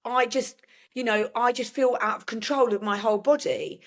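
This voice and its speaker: An older woman, a podcast guest, telling her story haltingly with many restarts and fillers. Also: on the high side, fairly even intonation. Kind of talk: emotional personal conversation.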